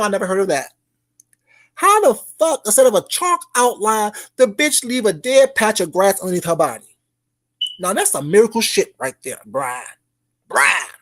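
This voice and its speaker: A YouTuber ranting in a call-out vlog, loud and profane, taunting, repeating a name mockingly and swinging between shouts and low mutters.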